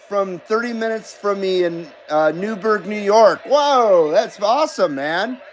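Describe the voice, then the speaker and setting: Middle-aged guy hosting a live stream, pretty high voice, reads chat out loud and riffs, cusses a lot, faint hum behind him. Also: poor audio. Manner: reads viewer comments aloud and banters, swears freely. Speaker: livestream host.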